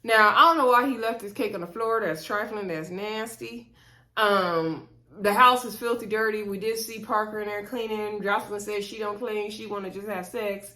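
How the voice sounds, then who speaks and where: A woman's voice: mid-range voice, normal speed, bright, forceful tone. A woman in her thirties casually recapping a reality show, gossipy, with laughing asides and lots of fillers. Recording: echoey room.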